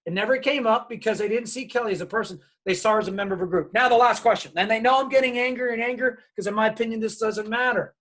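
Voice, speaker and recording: A man telling a personal story to an audience as a diversity speaker. He talks in an animated way and acts out the voices of family members as he goes. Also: sits high, fast, hardly any pauses. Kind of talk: storytelling keynote talk.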